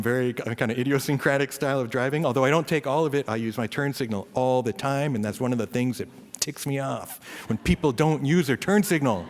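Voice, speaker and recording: A man giving an informal, self-deprecating Dharma talk, peppered with "right?" asides and rising into animated rants. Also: mid-range voice. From US East Coast. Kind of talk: informal sermon. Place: temple hall. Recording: reverberant hall.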